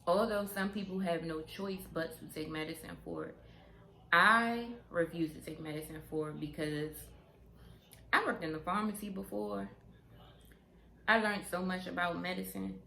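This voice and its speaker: A young woman vlogger chatting candidly to camera, unhurried and frank, repeating her points for emphasis. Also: on the low side, gravelly. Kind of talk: candid casual chat to camera. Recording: roomy sound with steady background noise.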